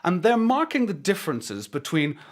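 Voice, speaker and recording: A man's voice: high-pitched, wildly swooping pitch, moderate pace. A man hosting a radio interview, asking long, chatty questions with frequent restarts. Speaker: radio host.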